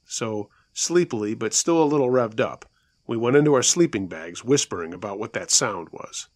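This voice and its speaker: A man narrating a scary campfire-style tale with a lively, rising and falling voice. He talks conversationally and slows down at tense moments. The sound is close and dry. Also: lowish voice, no room sound. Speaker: storyteller, show host. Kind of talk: narrating a listener's true scary story.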